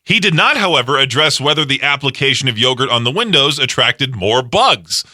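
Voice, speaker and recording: A man's voice: medium pitch, expressive, brisk, bright, forceful tone, no room sound, studio quality. A man hosting a radio show, bantering casually with a co-host, teasing and laughing often. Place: radio studio.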